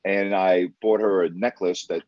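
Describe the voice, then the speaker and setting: A man's voice: low-pitched, steady tone, moderate pace, dull audio, a little hiss or hum. A man who works as a broadcast interviewer, telling stories in casual conversation, rambling and enthusiastic, with many restarts.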